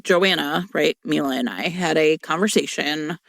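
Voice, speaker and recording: A woman with a gravelly, creaky edge to her voice co-hosts a podcast in casual chat. She talks in an animated, loose way, full of fillers and the odd swear. The sound is dry and close. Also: deep voice, normal speed, no room sound. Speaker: podcast co-host.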